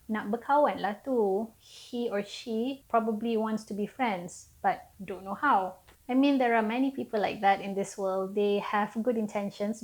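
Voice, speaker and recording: A woman's voice: medium pitch, a little mellow, low-quality recording. A woman from Malaysia, teaching a casual online language lesson and explaining phrases in a chatty way, with self-mocking asides.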